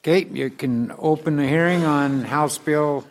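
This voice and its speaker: A man's voice: fairly high pitch, a little slow, slight background noise. A man chairing a committee hearing, making brief procedural calls from off-mic.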